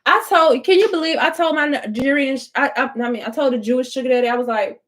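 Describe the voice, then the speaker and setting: A woman's voice: sits high, fast, fairly bright tone. Profane, chatty young woman vlogger. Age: young adult. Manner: blunt, profane, chatty, talks to viewers. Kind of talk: casual storytelling get-ready-with-me.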